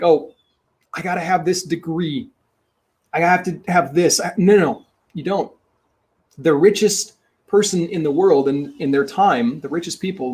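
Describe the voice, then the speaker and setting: A man teaching real estate investing in a webinar, talking in an emphatic, energetic way and repeating his key points. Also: a little high. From Minnesota.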